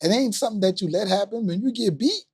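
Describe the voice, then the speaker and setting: A man's voice: sits high, lively intonation, fast, a little mellow, slightly rough. A middle-aged man, a coach and co-host, talking in a teasing, laid-back way in a casual sports chat.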